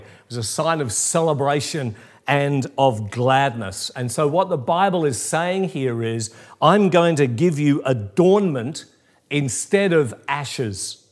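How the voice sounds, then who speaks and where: A middle-aged pastor delivers a sermon in a relaxed, conversational manner. He mixes scripture reading with light humorous asides. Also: medium pitch.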